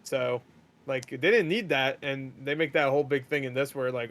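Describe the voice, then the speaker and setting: A young man hosting a podcast, rambling and swearing as he recaps a movie and acts out the characters in quick paraphrase. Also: medium pitch, a bit bright. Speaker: podcast host.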